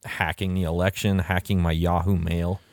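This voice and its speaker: A man co-hosting a podcast, chatting casually in a relaxed way with lots of fillers. His voice sits on the low side. The recording is dry and close. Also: moderate pace, no room sound. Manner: relaxed, filler-heavy, reads listener email aloud. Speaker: podcast co-host. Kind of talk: casual chat.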